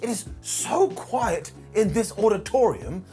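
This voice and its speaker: Lively sarcastic man reviewing wrestling. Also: high voice, a little slow, faint music behind. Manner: animated, sarcastic, laughs at own jokes. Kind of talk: comedic retro review commentary.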